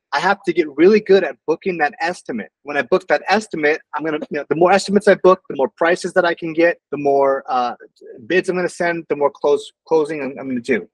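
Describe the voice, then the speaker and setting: A man's voice: on the high side, no echo, poor audio. A man who owns a marketing agency, teaching a sales-call script in a casual, conversational way. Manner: loose, conversational, acts out phone calls in quotes. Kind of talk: casual screen-share lesson.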